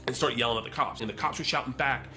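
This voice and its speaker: Brief: bright, energetic male comic, profane storyteller who acts out the other people in his tales. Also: medium pitch, rapid-fire, soft background music. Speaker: comedian telling a story. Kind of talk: stand-up storytelling.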